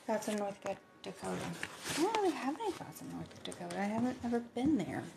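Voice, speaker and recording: Gravelly-voiced woman chatting on a livestream. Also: a little high, big pitch swings, fast talker, very noisy. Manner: chatty, reads and answers viewer comments, drifts into soft asides. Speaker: livestream host. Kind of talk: casual late-night livestream chat.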